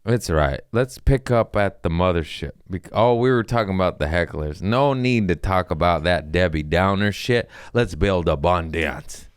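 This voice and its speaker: A young adult man, a comedian hosting a podcast, telling stories in an animated, profane, self-mocking way with quick laughs. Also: low-pitched, clear, resonant tone, no echo, clean studio sound. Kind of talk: casual storytelling monologue.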